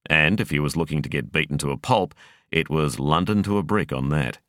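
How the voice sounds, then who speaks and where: A man reading a novel aloud as an audiobook narrator, in a measured, expressive storytelling manner. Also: rumbling low, no room sound, studio quality.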